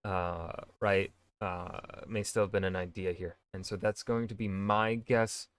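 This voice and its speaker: Man, casual history reaction, thinking aloud, jokey, smooth voice. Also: low voice, fairly even intonation, unhurried. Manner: chatty, thinks aloud with fillers and jokes.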